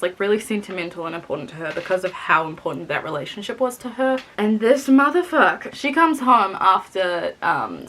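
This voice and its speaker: A young woman talks through a novel she has read, blunt and expressive, and she swears freely. Her voice sits a little low for a woman. The delivery is casual vlog chat. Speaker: book reviewer. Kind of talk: casual book review vlog.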